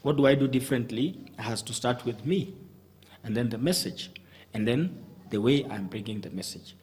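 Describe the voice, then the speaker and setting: A man's voice: medium pitch, moderate pace, a little mellow. Male studio guest, methodical advice giver, breaks his talk into numbered points. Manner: methodical, lists points, frequent restarts. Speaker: communication coach guest.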